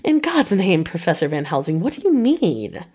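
A woman's voice: fairly low pitch, normal speed, a little mellow, close to an everyday voice. A woman reading an audiobook voices an earnest young male doctor in an anxious, questioning manner. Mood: alarmed.

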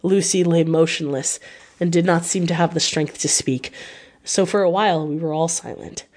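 A woman's voice: fairly low pitch, normal speed, darkish tone. Woman reading a classic novel aloud. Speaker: audiobook reader.

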